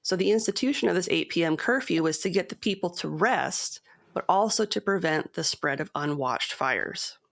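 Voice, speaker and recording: A woman co-hosting a podcast, reading a long poem and source quotes aloud in a measured storytelling cadence, then chatting casually. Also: on the low side, lively intonation, gravelly. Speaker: podcast co-host.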